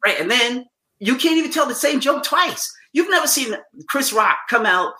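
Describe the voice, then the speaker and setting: A man's voice: very high voice, moderate pace. A male stand-up comedian telling stories casually, acting out the voices of the people in them. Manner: animated storytelling, acts out quoted voices. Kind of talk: casual storytelling.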